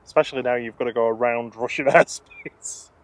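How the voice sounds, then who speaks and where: A man's voice: mid-range voice, steady tone, brisk. A man hosting a live stream, chatting and reading out flight numbers and viewer comments. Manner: reads out flight numbers and registrations matter-of-factly; chats and reads viewer comments aloud. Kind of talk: casual live plane-spotting commentary.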